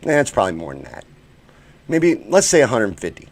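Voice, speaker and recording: Host, male, American; profane live-stream ranter, very animated pitch, flips from shouting to muttering. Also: brisk. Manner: heated, profane, swings between shouting and muttering. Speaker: show host.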